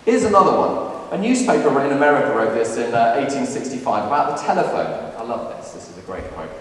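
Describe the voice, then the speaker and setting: A man giving a lively lunchtime talk to students, acting out quotes with playful humor. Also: mid-range voice, quick pace, slight background noise. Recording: echoey hall, recorded from a distance.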